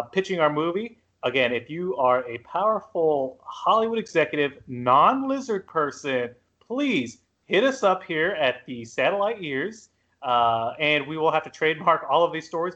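A man's voice: on the high side, a bit bright. Playful man on a dull lo-fi line. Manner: playful, joking. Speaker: podcast host. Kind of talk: casual chat.

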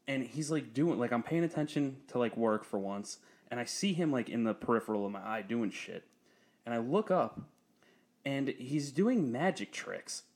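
A young man with a mid-range voice and normal speaking speed recounts a story casually, cursing freely along the way. He laughs often and gets lively when quoting people, his voice springing upward.

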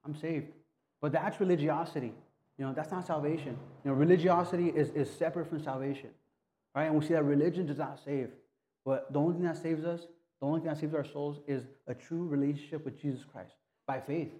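Mellow-voiced man preaching casually. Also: a little high, steady tone. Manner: casual, halting, frequent restarts and "right?". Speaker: pastor. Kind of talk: conversational sermon.

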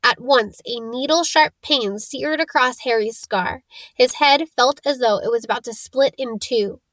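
A woman narrating a storybook chapter in a slow, dramatic reading. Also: on the high side, a bit bright, no echo, low-quality recording. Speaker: audiobook narrator.

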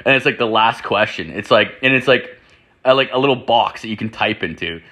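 A man telling crude stories in a casual ramble, swearing constantly and filling every pause with "like". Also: fairly low pitch. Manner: rambling, profane, full of "like" fillers; animated, jumps into acted-out quotes. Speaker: podcast host.

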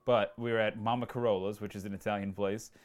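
A man's voice: on the low side, little pitch movement, fast talker. A man co-hosting a podcast, chatting easily and joking with his co-host. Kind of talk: casual chat.

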